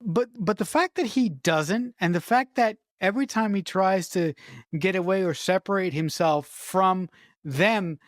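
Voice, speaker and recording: A woman's voice: mid-range voice, unhurried, no room sound, studio quality. A woman co-hosting a podcast, giving emphatic, profane opinions about a film and often restarting her sentences. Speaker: podcast co-host. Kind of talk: casual film review chat.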